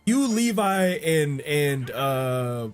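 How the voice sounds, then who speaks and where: A man reacting live to an anime, his voice swinging wildly from low mutters to high yelps. He talks slowly between bursts, swears freely and laughs at the big moments, with faint music playing behind him. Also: clean tone. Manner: excitable, swears a lot, yells and laughs at shocks.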